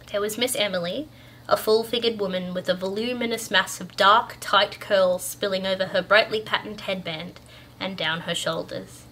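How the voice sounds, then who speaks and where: A woman storyteller reading a bedtime story aloud in a calm, gentle way. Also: mid-range voice.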